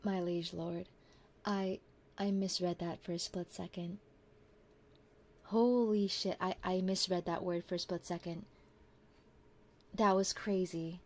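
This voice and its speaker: A woman streamer talking softly between lines of a whispered role-play, stammering and giggling as she reads chat. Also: lowish voice, fairly even intonation, measured pace, pauses often.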